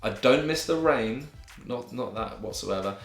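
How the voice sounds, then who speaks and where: A man's voice: mid-range voice, animated, a little slow. A young man with an English accent, answering viewer questions in an advice vlog in an earnest, encouraging way with friendly slang. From England. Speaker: YouTuber. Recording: echoey room with music bed.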